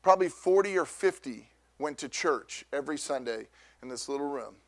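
High-voiced man telling a sermon story. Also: normal speed. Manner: loud, animated storytelling with repeated restarts. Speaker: pastor.

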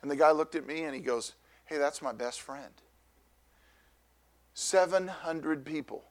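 High-voiced man telling a sermon story. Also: unhurried. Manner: loud, animated storytelling with repeated restarts. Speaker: pastor.

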